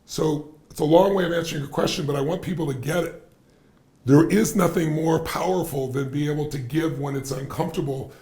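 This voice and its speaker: Guy telling a story as a podcast guest, gravelly voice, echoey room, hits his points hard. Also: on the high side, a little mellow. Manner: emphatic, repeats phrases for effect. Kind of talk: animated storytelling in conversation. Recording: roomy echo.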